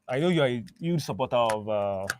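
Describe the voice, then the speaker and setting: A man's voice: mid-range voice, expressive, a little fast. Man hosting a talk show. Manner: short prompts, steers the questions. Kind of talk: interviewing.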